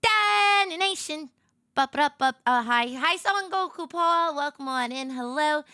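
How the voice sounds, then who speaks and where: Bright-voiced animated woman streamer. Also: high voice, normal speed, no echo, clean studio sound. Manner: animated, swings from soft murmurs to excited squeals. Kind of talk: casual livestream chat.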